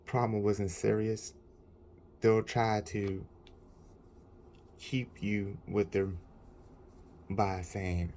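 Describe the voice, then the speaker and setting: A man's voice: lowish voice, flat delivery, slow pace, long pauses, darkish tone, slight background noise. A man telling an indignant, rambling story about a bad experience, in a casual vlog. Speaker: vlogger.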